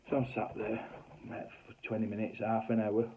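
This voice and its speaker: A man's voice: fairly low pitch, moderate pace, noisy background. A middle-aged man with a broad Lancashire accent telling a casual work anecdote, swearing freely, on a tinny phone-quality recording. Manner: lively, swears freely, broad dialect grammar. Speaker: cable TV engineer.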